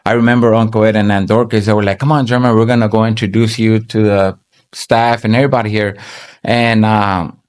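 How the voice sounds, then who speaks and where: A man giving an earnest, halting personal faith testimony as a church member, often restarting his sentences. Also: lowish voice, little pitch movement, smooth.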